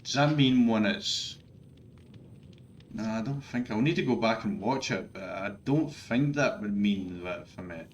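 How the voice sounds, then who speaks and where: A man's voice: fairly low pitch, measured pace, muffled recording, slight background noise. Frustrated swearing man. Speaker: gaming streamer. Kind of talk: live gameplay commentary.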